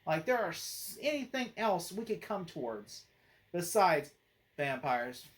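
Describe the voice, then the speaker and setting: A man hosting his own channel, giving a casual spoken movie review in a rambling way, full of "like" and "you know" and quick to laugh. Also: fairly high pitch, big pitch swings. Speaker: movie critic and channel host.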